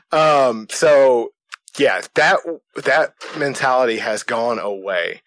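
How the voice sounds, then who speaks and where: A man's voice: mid-range voice, slow, fairly bright tone, dry recording. Chatty man calling into a podcast. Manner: chatty, explains things. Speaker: caller. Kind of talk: casual chat on a call. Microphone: call recording.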